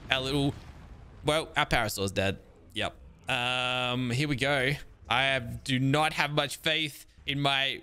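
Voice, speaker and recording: A young man giving casual running commentary on a survival game, reacting excitedly with sudden exclamations. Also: medium pitch, a little hiss or hum. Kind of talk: casual let's-play commentary.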